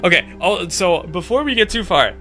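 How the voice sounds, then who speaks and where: A man playing through a visual novel game and commenting in excitable, chatty asides. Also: high voice, normal speed, soft background music. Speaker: gaming channel host. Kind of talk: let's play commentary.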